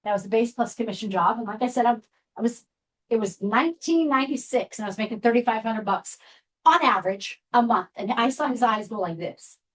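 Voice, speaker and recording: Woman, 50s, from Seattle, guest speaker, candid storyteller, slightly higher voice. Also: fairly quick, poor audio. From Seattle, USA. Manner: candid, chatty storyteller with frequent asides. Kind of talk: personal storytelling talk to a group.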